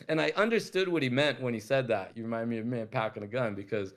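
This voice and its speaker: A man's voice: mid-range voice, fast, few pauses. A man from Rhode Island telling a story as a guest in a casual chat, laid-back and swearing freely while acting out the dialogue.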